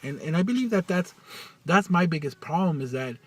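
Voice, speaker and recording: A man talking in a personal vlog, halting and full of restarts, getting choked up as he speaks. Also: fairly high pitch, animated, distant mic. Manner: halting, many restarts and fillers. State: choked up, near tears. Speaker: vlogger.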